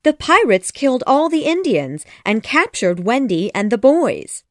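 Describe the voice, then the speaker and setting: A woman voicing a tiny excitable female fairy in a high, urgent voice for an audiobook. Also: measured pace, no echo, studio quality. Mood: alarmed. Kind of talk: audiobook reading.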